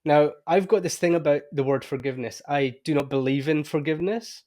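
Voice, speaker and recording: A man's voice: on the high side, a little fast. A man hosting a podcast, talking candidly and reflectively in casual conversation. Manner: candid, reflective, animated when telling stories. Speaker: podcast host.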